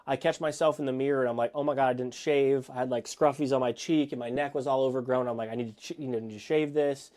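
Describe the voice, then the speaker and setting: Man telling a story in a mellow voice. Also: medium pitch, fast talker, hardly any pauses. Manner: rambling, excited storytelling. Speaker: podcast co-host. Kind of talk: casual chat. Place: home podcast studio.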